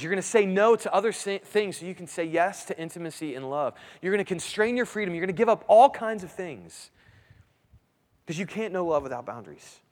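A man in his thirties preaching a sermon in a conversational way, restarting phrases and asking his listeners "right?". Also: sits high. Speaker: pastor. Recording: long hall reverb.

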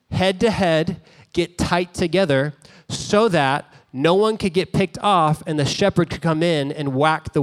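Conversational male pastor, higher voice. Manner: conversational, storytelling, with asides. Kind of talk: sermon.

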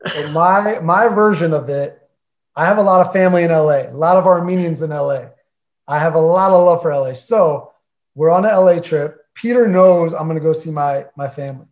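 A man's voice: on the high side, a little fast. A man telling his side of a story in casual chat, playful and emphatic, acting out his own reactions.

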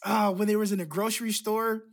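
Man, casual chat, animated, laughs a lot, voice leaps up when acting out lines. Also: brisk. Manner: animated, acts out quotes with big pitch jumps, laughs often. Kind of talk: casual film discussion.

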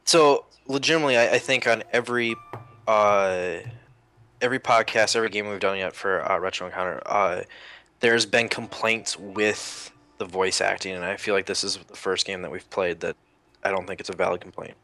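A man co-hosting a casual game podcast, joking and telling stories with animated energy. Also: low voice, normal speed. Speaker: podcast co-host.

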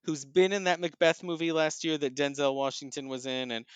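A man reviewing plays and films in a casual chat, thoughtful and often pausing with ums and restarts. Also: on the high side, smooth, dry recording. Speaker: theater and film critic.

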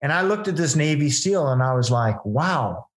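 A man's voice: a little high, expressive, brisk. Earnest man telling a long story. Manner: earnest, rambling, many fillers and restarts. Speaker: event founder telling stories to a host. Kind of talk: casual storytelling in an interview.

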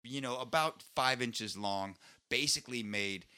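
A man co-hosting a podcast, telling a rambling story in casual chat, swearing freely and jumping his pitch for quoted voices. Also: unhurried, sharp tone, clear, resonant tone. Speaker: podcast co-host.

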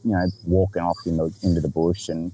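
An Australian man with a low, mellow voice tells a story on a podcast in a relaxed, unhurried way. He swears freely and laughs through his own story. A faint hiss sits under the recording. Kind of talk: casual storytelling chat.

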